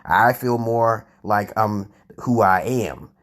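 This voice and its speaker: This American vlogger rambles argumentatively while answering chat comments, cursing freely, restarting words, and tagging his points with "okay?" His voice is fairly low and fairly bright, and he talks slowly.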